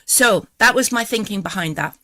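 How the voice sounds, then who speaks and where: A woman's voice: mid-range voice, pushed and bright. A woman with a Geordie accent hosting a live tarot stream, chatting in a rambling, self-deprecating way and laughing often, wired on coffee. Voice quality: quick, clipped voice. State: buzzing on coffee after feeling unwell. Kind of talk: casual live-stream chat.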